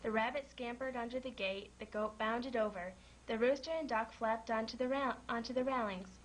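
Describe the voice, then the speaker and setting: A woman reading a children's storybook aloud in a gentle manner, lightly voicing the characters. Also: fairly high pitch, moderate pace, a little hiss or hum, low-quality recording.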